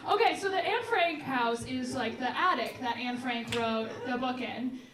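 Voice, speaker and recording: A young woman doing stand-up crowd work, brash and quick, laughing between jokes. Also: high-pitched. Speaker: stand-up comedian. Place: comedy club stage before a live audience. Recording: roomy live mic from a distance, loud crowd.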